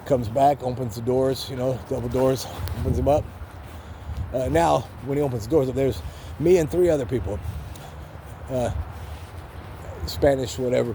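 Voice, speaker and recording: An older man tells his story in a loose, rambling way, swearing freely and voicing the people he quotes. His voice is gravelly and mellow. Faint street noise comes through around him outdoors. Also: medium pitch. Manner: rambling, candid, restarts often, swears, acts out quotes. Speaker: vlogger telling a life story. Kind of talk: casual storytelling.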